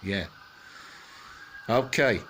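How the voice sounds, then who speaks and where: A man's voice: on the low side, very slow, a bit bright, a little hiss or hum. A man telling a bedtime story in a loose, chatty way, full of fillers and joking asides.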